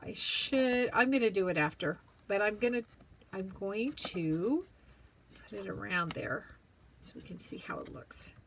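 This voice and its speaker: A woman hosting a paper-craft tutorial, chatting to herself as she works, sometimes whispering, her voice going hoarse. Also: medium pitch, expressive, a bit bright, slight background noise. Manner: slow, chatty, talks to herself while working, drops to whispers. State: losing her voice, clearing throat.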